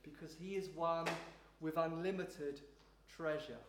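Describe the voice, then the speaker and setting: A man leading a congregation through a slow, prayerful devotional teaching in a church room, with repetitive phrasing. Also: on the high side, steady tone. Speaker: pastor leading a service. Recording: roomy echo, faint noise.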